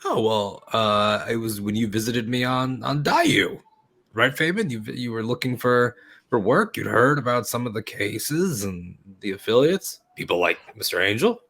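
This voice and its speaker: A man speaks in character during a tabletop game, chatty and rambling. His tone is bright and forceful, mid-pitched. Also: expressive, normal speed. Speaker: player. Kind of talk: in-character tabletop role-play.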